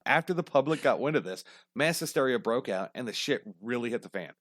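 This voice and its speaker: A man's voice: mid-range voice, lively intonation, fairly quick, fairly bright tone, no room sound, studio quality. A man co-hosting a podcast, retelling history as crude comedy, swearing often and laughing at his own jokes. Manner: profane, joking, puts on silly voices. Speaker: podcast co-host.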